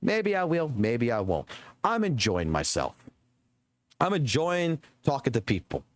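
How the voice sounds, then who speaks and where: A man's voice: medium pitch, very animated, unhurried. A man streaming games and ranting to his chat, swearing often and repeating himself for emphasis. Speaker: game streamer.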